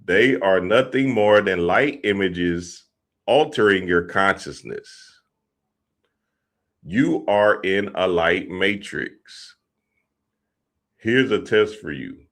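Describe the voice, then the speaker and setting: A man's voice: low voice, expressive, slow, long pauses, a bit bright. A man hosting a spiritual talk show, mixing teaching with laid-back, laughing, slangy asides.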